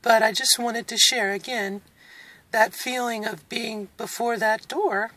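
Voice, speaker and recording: Forties woman, slightly high voice, candid vlog delivery, emotional and halting, near tears. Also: steady tone, sharp tone. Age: 40s. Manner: candid and reflective, with nervous laughs. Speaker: vlogger. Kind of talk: personal video diary.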